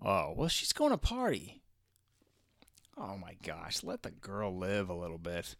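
A man's voice: sits low, wildly swooping pitch, measured pace, creaky, no echo, studio quality. A man co-hosting a crude comedy podcast, arguing back defensively and reading headlines aloud. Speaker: podcast co-host.

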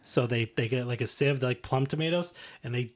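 A man's voice: medium pitch, a little fast. A man telling a rambling story in a casual chat, swearing and laughing as he goes.

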